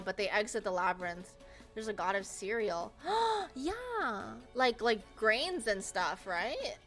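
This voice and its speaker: A woman's voice: on the high side, fairly bright tone. A young woman casually retelling a book's plot to friends, rambling and swearing, with lots of "um" and "like" and frequent laughs. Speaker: presenter. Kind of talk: casual comedic plot summary.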